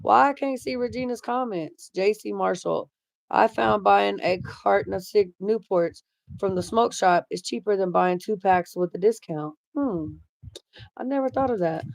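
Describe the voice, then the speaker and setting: With a lowish, darkish voice and some vocal fry, a middle-aged woman reads comments from her livestream chat and talks in a blunt, chatty manner full of swearing. No room sound is audible.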